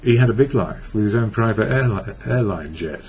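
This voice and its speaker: A man's voice: lowish voice, lively intonation, moderate pace, darkish tone. A man from England giving a reflective personal monologue about recovery, rambling and correcting himself as he goes. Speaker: recovery blogger. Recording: dull lo-fi with faint hiss.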